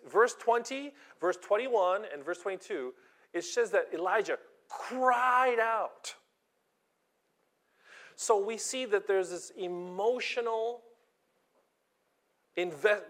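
Male preacher, high voice, slow and earnest sermon delivery. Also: a bit bright. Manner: earnest, acts out quoted voices, repeats words.

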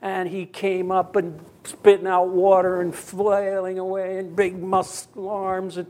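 Casting: male preacher, fairly high voice, conversational storytelling sermon. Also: completely flat delivery, unhurried, mellow. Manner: storytelling, voicing characters in quotes. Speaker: pastor.

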